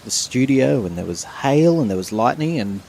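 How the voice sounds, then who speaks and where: A man's voice: mid-range voice, expressive, moderate pace, creaky, darkish tone, a little hiss or hum. A man with an Australian accent hosting a podcast, chatty and jokey, laughing often. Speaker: podcast host. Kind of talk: casual chat.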